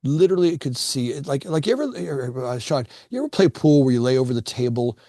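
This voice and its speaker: Expressive and fast with a dark mid-range tone, a middle-aged construction company founder from Florida guests in a casual conversation about his life. He tends to repeat words as he starts each thought, and the audio is studio quality with no room sound.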